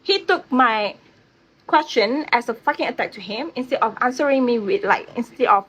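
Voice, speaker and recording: A woman's voice: on the high side, animated, moderate pace, fairly bright tone. A woman vlogger ranting casually to camera, blunt and profane, often checking in with "right?". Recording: slightly muffled audio with faint hiss.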